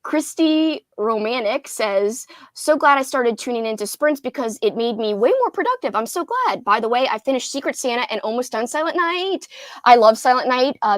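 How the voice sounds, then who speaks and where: A woman's voice: a little high, a bit bright, no room sound. A young woman hosting a casual book livestream, chatty and giggly, reading viewer comments aloud. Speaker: booktube livestream host.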